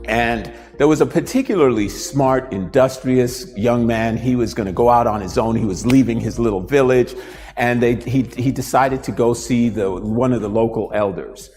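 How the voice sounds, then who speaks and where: A man hosting a radio show, telling a tale with lively put-on voices for his characters. His voice sits in the middle range and carries a long reverb in the studio. Soft music plays faintly behind him. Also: medium pitch, normal speed. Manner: animated storyteller, acts out voices. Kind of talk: storytelling and live demonstration.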